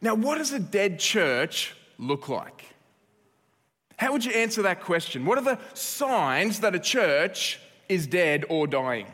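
A man's voice: high-pitched, sing-song, slow, bright, forceful tone, in a large hall. A man preaching a sermon as pastor, conversational and with joking asides.

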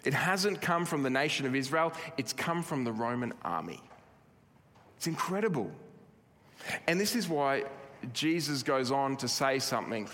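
A man's voice: medium pitch, lively intonation, moderate pace, fairly bright tone. A man preaching a sermon in an earnest, emphatic way, often restarting his phrases. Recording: long hall reverb.

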